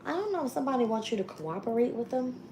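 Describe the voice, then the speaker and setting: A woman's voice: fairly high pitch, sing-song, fast, a little mellow, slight background noise. A woman doing a casual live-stream tarot reading, blunt and swearing freely as she thinks aloud and names each card she draws. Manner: shuffles and names cards aloud. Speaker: tarot reader.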